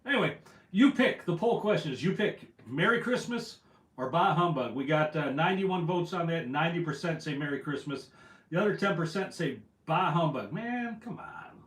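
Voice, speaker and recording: A man hosting a casual fishing livestream, reading out viewer comments in a rambling, self-deprecating way. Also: fairly high pitch. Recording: echoey room, voice from afar.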